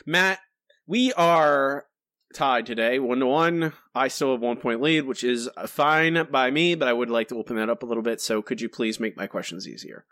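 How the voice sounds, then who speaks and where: A man's voice: mid-range voice, normal speed, a bit bright, no room sound, studio quality. A man co-hosting a podcast in casual chat, jokey and self-deprecating. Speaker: podcast co-host.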